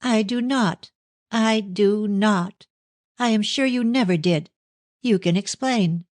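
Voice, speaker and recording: A man's voice: high-pitched, slow pace, no echo, voice pushed up. A frightened young daughter, tearful and pleading, her voice lifted well above her reader's own, as a man voices her. She sounds close and dry, like a storybook recording. She sounds breathless with worry. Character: anxious tearful young woman, a devoted daughter. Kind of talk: audiobook character reading.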